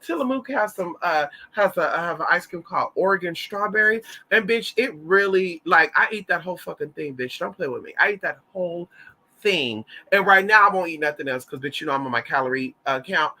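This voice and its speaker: A man's voice: high-pitched, animated, brisk, bright, forceful tone. A man chatting casually to his viewers in a sassy, flamboyant way, swearing freely and calling them honey. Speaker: vlogger. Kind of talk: casual livestream chat.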